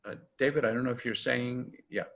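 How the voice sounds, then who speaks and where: An older man teaches an informal class in a bright, forceful voice, chatty and animated, quoting texts with plenty of "uh"s. The sound is dull and lo-fi, like audio from a video call. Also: medium pitch, brisk, vocal fry. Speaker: rabbi teaching an intro class. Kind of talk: informal lecture.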